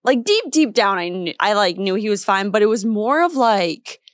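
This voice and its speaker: Young female podcast co-host, lively storyteller, dry close mic. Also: mid-range voice, normal speed, no echo. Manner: animated storytelling, acts out her own quoted lines. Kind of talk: casual chat.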